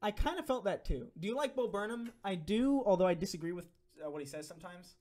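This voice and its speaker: A man's voice: sits high, lively intonation, fast talker, darkish tone. Rambling young man on a casual stream. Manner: rambling, swearing, filler-heavy. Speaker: streamer reading donations.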